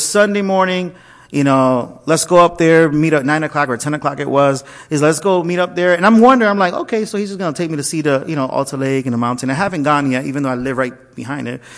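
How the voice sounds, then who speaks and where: A man, a pastor, telling a personal story to his listeners, acting out the dialogue and checking in with frequent asides. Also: on the high side. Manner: animated storyteller, acts out quoted dialogue, frequent "okay?" asides.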